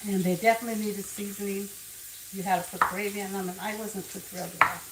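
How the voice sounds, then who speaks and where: A woman's voice: medium pitch, level tone, fast. Chatty older woman cooking in an echoey kitchen. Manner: chatty and rambling, drifting into family stories. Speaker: cooking show host. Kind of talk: casual cooking demonstration. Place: home kitchen. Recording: echoey kitchen, distant mic, frying noise. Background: sizzling and frying food.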